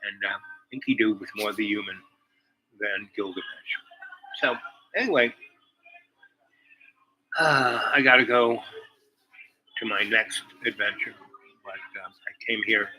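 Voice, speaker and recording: Bright-voiced rambling male vlogger. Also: fairly low pitch, a little slow, pauses often, low-quality recording. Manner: meandering storyteller, drifting between anecdote and musing. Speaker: vlog host. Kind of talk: rambling casual monologue.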